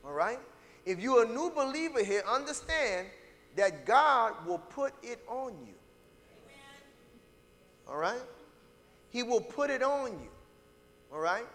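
High, lively preacher in an echoing church. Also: male voice. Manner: emphatic, checks in with "All right?"; calls out to the congregation. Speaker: pastor. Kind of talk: sermon. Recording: reverberant hall.

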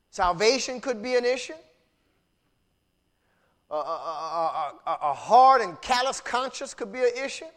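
A man preaching a sermon as pastor, animated, swinging from loud cries down to low, quiet lines. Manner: animated preaching, rising to shouts and dropping low.

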